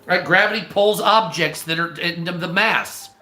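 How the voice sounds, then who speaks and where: A man ranting casually on a live stream, swearing often, stammering and clearing his throat. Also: sits high, measured pace, sharp tone, reverberant, soft background music. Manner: profane, exasperated, restarts and stammers.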